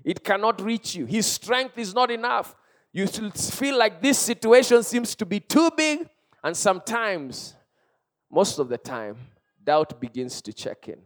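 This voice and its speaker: A Kenyan man in his thirties preaching a sermon as pastor, with impassioned delivery that swings between loud cries and hushed storytelling. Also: high voice, big pitch swings, measured pace.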